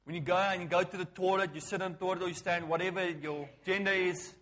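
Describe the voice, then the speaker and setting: Brief: male pastor, slightly high voice, emphatic call-and-response sermon delivery. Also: fairly even intonation, fast. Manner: emphatic preaching, swinging between loud calls and hushed lines; repetitive, call-and-response phrasing.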